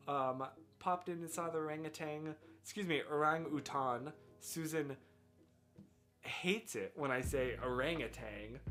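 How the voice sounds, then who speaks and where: This American livestreamer talks casually and thinks aloud, wandering from thought to thought and poking fun at himself. His pitch is fairly high and his tone a bit bright, and soft lo-fi music plays underneath.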